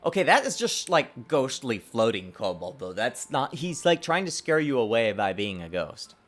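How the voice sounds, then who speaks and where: A man streaming his game development work, talking to himself in a lively, self-mocking way. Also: medium pitch, moderate pace, soft background music. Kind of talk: casual livestream dev commentary.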